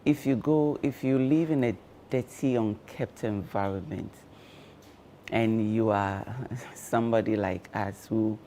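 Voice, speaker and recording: Slow, low-voiced man explaining health tips. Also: dark tone, a little hiss or hum. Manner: slow, measured explaining with frequent fillers. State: talking with cloves in his mouth. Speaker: health guest on a breakfast show. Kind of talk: explanatory studio talk.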